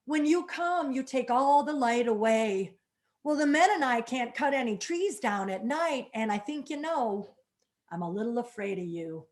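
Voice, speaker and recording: A woman storyteller voicing the giant lumberjack Paul Bunyan, a man who is afraid of the dark. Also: fairly high pitch, expressive, moderate pace, lightly acted. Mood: earnest.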